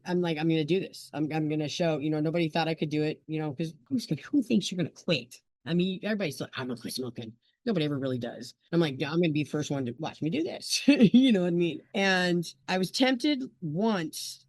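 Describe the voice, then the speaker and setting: Woman, 40s, candid guest, chatty and rambling, brisk delivery, dead-dry sound. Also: fairly low pitch, a little mellow, no room sound. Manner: rambling and chatty, full of "you know" and "I'm like". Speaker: interview guest, memoir author. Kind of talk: candid personal storytelling.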